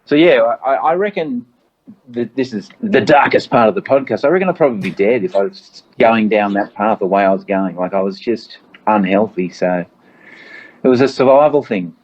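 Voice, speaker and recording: A middle-aged Australian man talks in an easygoing, storytelling way, often breaking into laughter. His voice sits on the low side. The recording sounds a little dull and lo-fi. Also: lively intonation, normal speed, darkish tone. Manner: laid-back storytelling with frequent laughs and acted quotes. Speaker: comedian guest. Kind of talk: casual chat.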